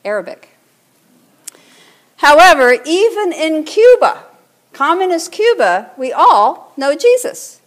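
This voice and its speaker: Woman, priest, high voice, conversational sermon, teaching tone. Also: sing-song, takes it slowly, pauses often. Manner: conversational, teaching, asks the congregation to repeat words.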